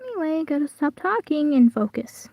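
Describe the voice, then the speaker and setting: A woman's voice: high-pitched, big pitch swings, moderate pace, dark tone, slight background noise. Slangy young woman reading a story aloud. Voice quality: slangy, chatty, breaks off to comment. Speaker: reader. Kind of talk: casual reading aloud of a fan story with commentary.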